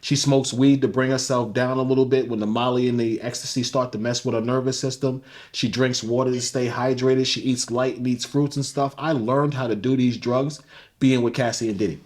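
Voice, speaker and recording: A man's voice: mid-range voice, steady tone, fairly quick, darkish tone. Male interview guest, blunt and matter-of-fact delivery. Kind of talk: candid interview talk.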